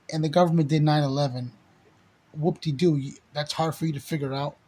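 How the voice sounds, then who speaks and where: A man's voice: a little high, a little mellow, slightly rough. A man delivering an angry, profane ranting monologue to the camera, repeating himself and hurling insults. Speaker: channel host.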